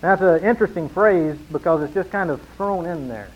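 A man's voice: fairly high pitch, fairly quick, muffled recording. A man preaching a sermon in an earnest way, pressing his points and reading scripture with growing force.

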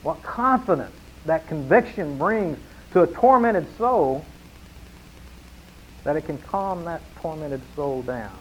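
A man's voice: a little high, lively intonation, slow pace, a little hiss or hum, low-quality recording. A man preaching a sermon in an earnest way, pressing his points and reading scripture with growing force.

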